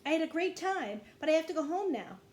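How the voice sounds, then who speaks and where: A woman's voice: sits high, lively intonation, fairly quick, darkish tone, pitched above the performer's own voice. A woman voicing an anxious, protective young boy in a storybook, calling out urgently. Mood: hurried. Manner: raised urgent calls.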